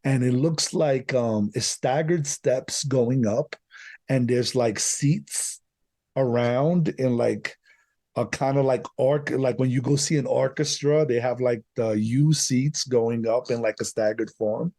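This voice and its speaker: Mellow-voiced New man telling a story. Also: mid-range voice, slow pace, no room sound. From Bronx, New York. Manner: rambling, lots of "like" fillers. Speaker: podcast guest. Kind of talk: personal storytelling.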